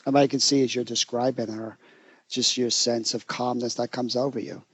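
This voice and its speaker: A middle-aged man co-hosting a therapy podcast, speaking gently and encouragingly. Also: mid-range voice, little pitch movement, normal speed, breathy edge, no room sound. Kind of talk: casual conversational podcast.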